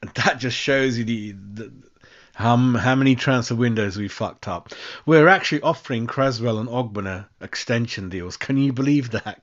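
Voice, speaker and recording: London bloke ranting on a fan stream, swears a lot, says mate every line, kinda muffled lo-fi sound. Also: male voice, medium pitch, normal speed. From West London. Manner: sweary, exasperated, keeps saying "mate". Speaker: fan channel host. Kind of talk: casual live-stream rant.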